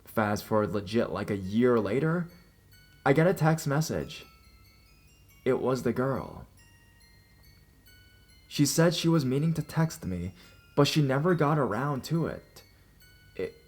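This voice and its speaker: A man reading a first-person horror story aloud, telling it in an expressive way with small restarts. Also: medium pitch.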